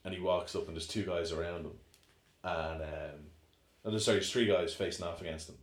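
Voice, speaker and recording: A man with a deep, low voice chats casually as a podcast co-host. He rambles and restarts often, getting animated when he retells scenes. The sound is roomy and echoey. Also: fairly quick. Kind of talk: casual chat. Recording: echoey room.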